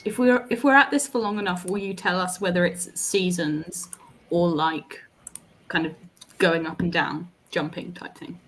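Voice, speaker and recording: A woman's voice: fairly low pitch, steady tone, moderate pace, fairly bright tone, slight background noise. A British woman playing a riddle game as a guest, thinking aloud and laughing at her guesses. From Britain. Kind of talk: casual chat.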